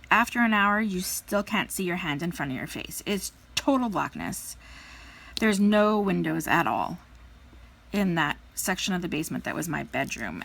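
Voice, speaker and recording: A woman's voice: on the low side, gravelly, a bit bright. Chatty woman telling stories while crafting. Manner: chatty, lots of fillers, playful voices for quotes. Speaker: crafting vlogger. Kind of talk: casual storytelling chat.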